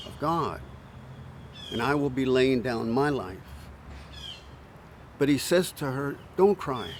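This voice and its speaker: A male pastor giving a short sermon in slow, earnest, pausing phrases, easing into a gentle hush at times. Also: medium pitch, a little hiss or hum.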